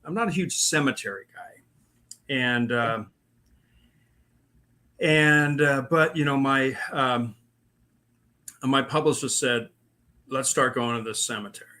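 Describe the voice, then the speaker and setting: A man's voice: medium pitch, slow pace, pauses often, pushed and bright. Guy chatting about ghost encounters, lots of ums and restarts, rambly. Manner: rambling, many fillers and restarts. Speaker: paranormal investigator guest. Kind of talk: casual storytelling.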